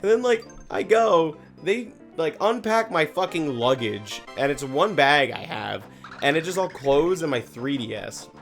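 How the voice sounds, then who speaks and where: A gaming video host with a slightly high, gravelly voice rambles through a casual story while playing, very animated but a little slow. He constantly says "like" and swears plenty, with faint music in the background.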